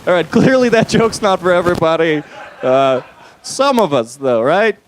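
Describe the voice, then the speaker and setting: A man's voice: high voice, animated, normal speed, a little hiss or hum, rough recording. A young man performing a stand-up comedy set on a club stage, talking loosely with lots of fillers and crude asides.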